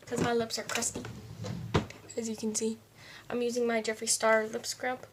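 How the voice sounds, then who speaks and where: A woman's voice: a little high, monotone, normal speed, noisy background. A woman talking casually through a makeup tutorial at home, chatting to herself as she works. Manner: chatty, talks to herself while applying makeup. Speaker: beauty vlogger. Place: home, indoors.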